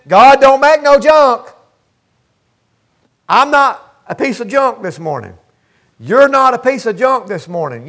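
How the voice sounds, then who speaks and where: A man's voice: sits high, a bit bright. An older man preaching a sermon from the pulpit, folksy and emphatic, calling out to the congregation for responses. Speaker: pastor. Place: church sanctuary.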